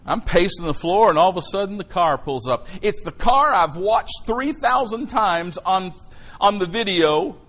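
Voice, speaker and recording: A middle-aged man preaching a sermon, telling a personal story in an animated way that swings from hushed lines to shouts. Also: high voice, normal speed, few pauses, rough recording.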